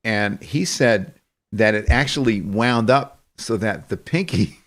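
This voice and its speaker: A man's voice: lowish voice, a little slow, fairly bright tone. A man hosting a show, telling rambling stories in casual chat and laughing often. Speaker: show host.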